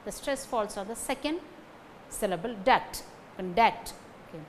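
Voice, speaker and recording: A woman with an Indian English accent giving a recorded lecture, speaking deliberately and pausing often with an "okay". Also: on the high side, animated, slight background noise. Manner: slow, deliberate, punctuated by frequent okays.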